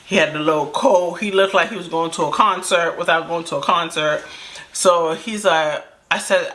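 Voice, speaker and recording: A storytime vlogger with a fairly low-pitched voice recounts something from her own life, speaking at normal speed. Lively in her delivery, she performs each quoted line of dialogue, filming indoors beneath camera lights.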